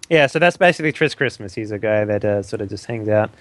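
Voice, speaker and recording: A man's voice: lowish voice, expressive, fast. Rambling man chatting in a tabletop game. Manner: rambling, hesitant, lots of fillers. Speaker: player. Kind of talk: casual tabletop game chat.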